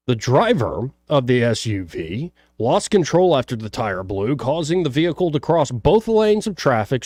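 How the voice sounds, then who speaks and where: A man's voice: medium pitch, a little mellow, no room sound, clean studio sound. A man hosting a radio talk show, reading news headlines and riffing on them with jokey asides. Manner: jokey, reads headlines then riffs with asides. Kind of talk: casual talk radio chat.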